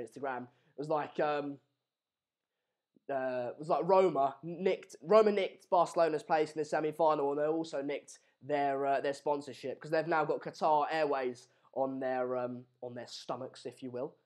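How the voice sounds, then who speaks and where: A young man from England runs a football watchalong stream and chats loosely with his viewers. His voice sits a touch high, and his talk wanders with restarts and jokes. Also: moderate pace. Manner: jokey banter, rambling with fillers and restarts. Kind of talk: live stream chat reading comments. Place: home room in Madrid.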